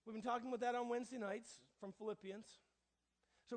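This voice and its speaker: Male pastor, very high voice, sermon delivery that surges loud then drops to a hush. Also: expressive, fairly quick. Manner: swings between hushed asides and loud emphatic proclamations. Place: church.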